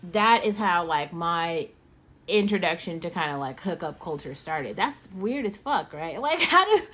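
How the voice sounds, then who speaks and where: Young woman host with hiccups, low-pitched for a woman, rambling casual delivery heavy on fillers and swearing. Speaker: podcast host. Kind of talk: casual monologue.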